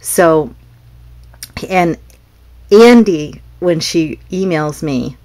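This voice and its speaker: A middle-aged woman with a low voice talks through a crafting show-and-tell. She rambles in a friendly, unscripted way, restarting sentences and filling gaps with ums. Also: steady tone, normal speed. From North Carolina, US. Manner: chatty, meandering, with frequent restarts and ums. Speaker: craft seller showing customer cards. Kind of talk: casual show-and-tell vlog.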